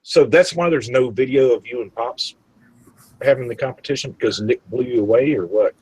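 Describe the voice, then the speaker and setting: A man's voice: medium pitch, a little fast, darkish tone, breathy edge, poor audio. A man joining an online live chat, talking casually and joking.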